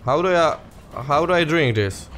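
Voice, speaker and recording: Excitable gamer guy with a lively voice. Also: fairly high pitch, moderate pace, soft background music. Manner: excitable, laughing, talks to viewers as guys. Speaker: gaming youtuber. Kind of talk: casual let's play commentary.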